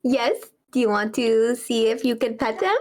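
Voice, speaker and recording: A woman playing a tabletop game, speaking in a measured, watchful way. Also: fairly high pitch, darkish tone. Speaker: player.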